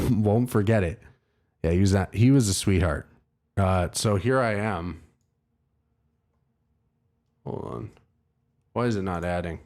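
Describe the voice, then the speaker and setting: His voice sits low and a little mellow, and he speaks slowly with frequent pauses. Hosting a livestream, he tells his chat a long, rambling story full of profanity and self-mockery, all in a casual storytelling style.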